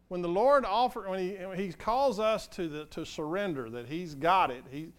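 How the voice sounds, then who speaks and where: A man's voice: high-pitched, normal speed, few pauses, fairly bright tone, clear, resonant tone. An older man preaching a sermon as pastor, earnest and conversational, often asking the congregation questions.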